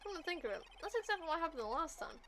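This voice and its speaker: A woman's voice: very high-pitched, very animated, very fast, a little hiss or hum, voice pushed up, exaggerated voice. A woman voicing a friendly, bumbling male detective who keeps calling people pal, while reading a video game script aloud. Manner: loud, chummy, keeps saying pal.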